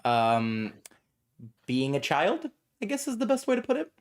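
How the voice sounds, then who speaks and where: A man playing in a tabletop game, lively and lecturing, laughing often. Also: a little high, measured pace. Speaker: player.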